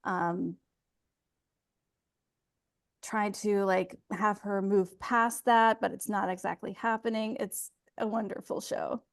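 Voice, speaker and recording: Young woman, voice actor guest, relaxed, candid, quick to laugh, mid-pitched, casual interview. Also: vocal fry.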